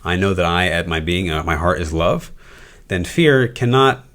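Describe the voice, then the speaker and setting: Male co-host, lowish voice, thoughtful, halting delivery with restarts, casual talk. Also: animated, a bit bright. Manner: reflective, halting with restarts and fillers. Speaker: podcast co-host. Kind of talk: casual podcast chat.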